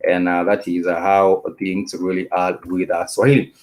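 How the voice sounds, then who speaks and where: A man with a fairly low voice leads an online language lesson. He explains at length, repeats himself and fills pauses with "uh" and "you know". He sounds words out slowly, letter by letter. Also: little pitch movement, a little mellow. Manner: repetitive, explanatory, many "uh" and "you know" fillers. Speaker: Swahili teacher. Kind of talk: live-stream language lesson.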